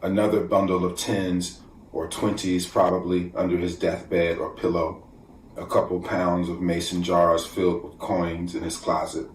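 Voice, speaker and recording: A man reading his own poetry at a measured, deliberate pace, sometimes sinking to a near whisper. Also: low voice. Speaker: poet. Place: room at home, virtual festival. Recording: echoey room, distant from mic, faint background noise.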